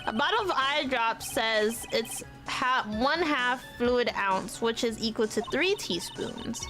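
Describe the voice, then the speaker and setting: A chatty woman streamer with a high voice, thinking aloud as she plays. Game music runs clearly behind her. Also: lively intonation, slow pace. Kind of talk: casual let's-play commentary.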